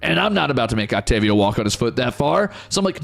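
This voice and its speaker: A man's voice: mid-range voice, fast talker, gravelly, hardly any pauses. A man telling a story casually to his chat as a streamer, swearing often and telling it with energy. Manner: profane, animated storytelling.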